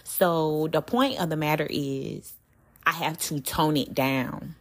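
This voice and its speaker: A young adult woman with a low voice speaks slowly in a casual solo episode of her own podcast. She's candid and animated, using slang, cursing frequently and addressing her listeners directly.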